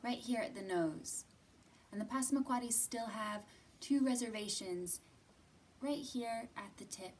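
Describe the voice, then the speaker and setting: A young woman leading a children's library storytime, gently coaxing little listeners with sing-song questions and sometimes dropping to a whisper. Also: on the high side, unhurried, recorded from a distance, a little hiss or hum. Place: library room.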